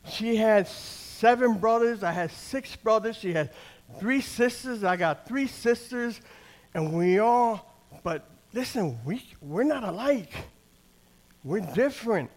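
Slow and expressive, this older man's high voice carries a plain-spoken, conversational sermon and personal testimony. He repeatedly asks the congregation "amen?" and "right?" and often restarts what he's saying.

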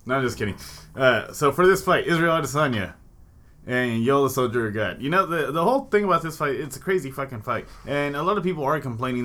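A young man with a bright, forceful voice trading sarcastic jokes in a casual sports podcast. He swears freely and teases his co-host. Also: medium pitch. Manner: joking, sarcastic, profane.

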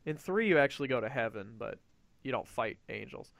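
A man hosting a casual gaming podcast, excitable and swearing freely as he acts out what others said. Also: medium pitch, a little fast, vocal fry. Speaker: podcast host.

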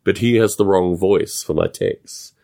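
Low gravelly-voiced man musing aloud. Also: dark tone. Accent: non-American English. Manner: musing, halting, with frequent restarts. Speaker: podcast host. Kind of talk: casual solo monologue.

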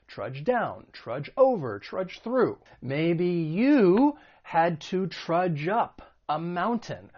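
A man with a slightly raised voice teaches English vocabulary in an online video lesson. He explains each word patiently with examples. The recording is a touch muffled and dull. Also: fairly high pitch.

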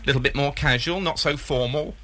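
Man, prank caller, halting and rambling, bright voice. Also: medium pitch. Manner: hesitant, rambling, full of ums. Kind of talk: deadpan prank phone call.

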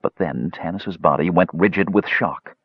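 A man narrating a fantasy audiobook in a dramatic, expressive reading. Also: deep voice, moderate pace, gravelly, husky, dry recording, muffled recording.

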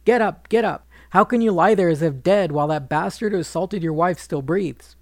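A man voicing a proud queen who is furious and grieving, speaking bitterly in his gravelly storytelling voice. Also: fairly high pitch, brisk, no echo, clean studio sound, close to an everyday voice. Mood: indignant. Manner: bitter, accusing speech.

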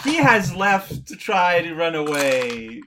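Joking man player, slightly high voice. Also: sing-song, slow, noisy background. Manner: joking, argumentative, laughs often. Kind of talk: casual tabletop game chat.

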